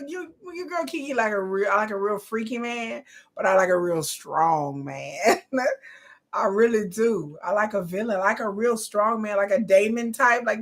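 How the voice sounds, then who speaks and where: A woman hosting a live watch party, commenting loudly, joking and swearing as she reacts to the screen. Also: mid-range voice. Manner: loud, animated, profane and joking.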